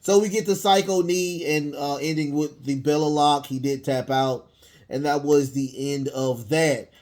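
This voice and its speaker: A man's voice: a little high, steady tone, measured pace, darkish tone. A man casually reviewing a wrestling show in one take, rambling with lots of fillers and restarts. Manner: rambling, many fillers and restarts, chuckles at himself.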